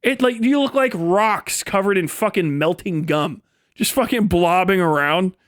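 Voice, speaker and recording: Male streamer, profane comedic rant, rambling, high voice, dry sound. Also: lively intonation, measured pace, dry recording. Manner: profane, rambling, laughs often.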